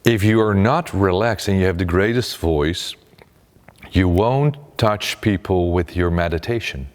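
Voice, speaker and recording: A middle-aged man, a meditation teacher and former radio presenter, talks in a calm, unhurried way about his life, often restarting his sentences. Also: sits low, big-room sound. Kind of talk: reflective personal talk.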